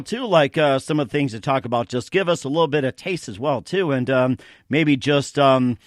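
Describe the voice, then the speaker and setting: A man's voice: medium pitch, normal speed, no room sound, studio quality. A man hosting a podcast interview, wordy and repeating "as well, too" as he asks questions. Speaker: podcast host. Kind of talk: casual interview chat.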